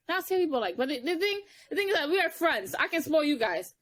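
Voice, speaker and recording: A woman's voice: fast talker, no room sound. A young woman co-hosting a podcast, telling stories in casual chat and acting out the quotes with big jumps in her voice. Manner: animated storytelling, acts out quotes with big pitch jumps. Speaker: podcast co-host.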